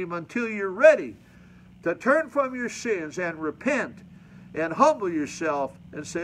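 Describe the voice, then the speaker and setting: A man's voice: sits high, sing-song, takes it slowly, a bit bright, husky, low-quality recording. A male pastor preaching a sermon at a mission church, reading scripture and adding folksy, colloquial commentary to his congregation.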